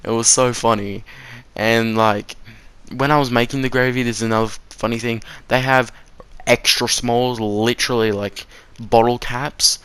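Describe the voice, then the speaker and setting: A man's voice: medium pitch, fairly even intonation, moderate pace, fairly bright tone, clean tone, dry recording. A teenage boy telling a rambling, sweary story about his first work shift, laughing at his own slips. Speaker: vlogger. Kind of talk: casual story time.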